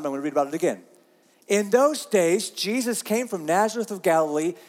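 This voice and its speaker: A man's voice: a little high, long reverb tail. A man preaching a sermon, earnest and repeating himself, reading scripture aloud. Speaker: pastor.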